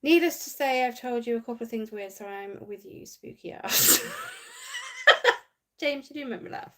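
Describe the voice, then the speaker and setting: A woman's voice: fairly high pitch, lively intonation, normal speed. A woman hosting a casual livestream, chatting and giggling as she reads viewer comments aloud. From United Kingdom. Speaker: livestream host reading chat.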